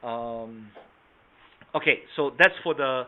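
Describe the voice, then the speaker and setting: Taking it slowly in a mid-range voice, a man conducts an online sales training. The video call audio is thin and phone-like. He engages attendees by name, asks "okay?" and "right?", and demonstrates ideas by switching from a soft tone to a strong one.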